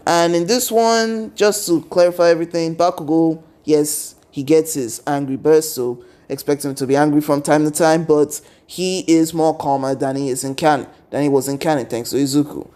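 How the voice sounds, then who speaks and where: A man's voice: fairly high pitch, normal speed, darkish tone. A young man casually retelling a fan story, rambling from one event to the next. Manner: rambling, strings events with "and then he's like".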